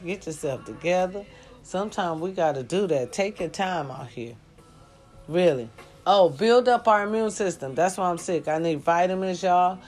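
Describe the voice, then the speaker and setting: A woman's voice: fairly low pitch, darkish tone. A woman who is sick, lying down and talking bluntly to her viewers, swearing freely and giving life advice. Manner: blunt, preachy, swears freely, says y'all often. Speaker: vlogger. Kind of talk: casual talk to viewers.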